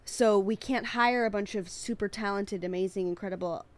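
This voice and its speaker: A woman in casual chat as a co-host reviewing a game, opinionated and playful with quick asides. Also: medium pitch.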